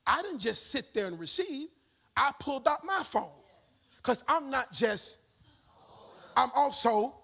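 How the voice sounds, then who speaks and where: Casting: hoarse male preacher, high bright voice, call-and-response style. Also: lively intonation, moderate pace. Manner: call-and-response preaching, sings and shouts phrases. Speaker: guest preacher. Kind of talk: energetic sermon. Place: church sanctuary.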